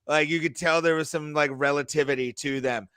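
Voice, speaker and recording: A man's voice: a little high, steady tone, fairly quick, a bit bright, clean tone, no room sound, clean studio sound. A man hosting a podcast in casual, rambling, joking chat, laughing often. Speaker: podcast host.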